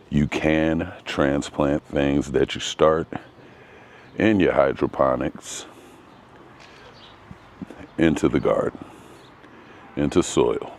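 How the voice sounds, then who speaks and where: A man's voice: extremely low pitch, a little mellow, a little hiss or hum. A man giving a casual vlog walk-through of his home garden outdoors, talking in a hesitant, rambling way with frequent ums. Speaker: gardening vlogger.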